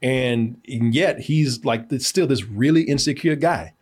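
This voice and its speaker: A man's voice: medium pitch, a little slow, breathy edge. An American man hosting a film review podcast in casual chat. He talks animatedly, laughs often, swears and uses lots of fillers.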